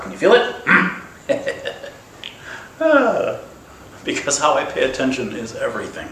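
A man giving an animated, playful dharma talk as a Zen teacher, laughing often. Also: mid-range voice, unhurried, pauses often, a little hiss or hum. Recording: echoey room, mic at a distance.

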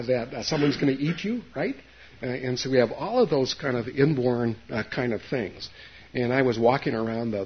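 Gravelly older man giving a halting dharma talk. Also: mid-range voice. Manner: halting, with many fillers and restarts; folksy asides to the listeners. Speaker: Zen meditation teacher. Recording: dull lo-fi recording.

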